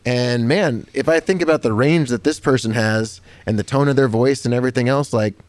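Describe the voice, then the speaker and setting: A man's voice: medium pitch, brisk, no echo. A middle-aged man, a worship leader, chatting casually and animatedly with lots of "dude" and "like.". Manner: relaxed, animated, says "dude" and "like" a lot. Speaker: worship leader and music teacher. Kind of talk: casual conversational chat.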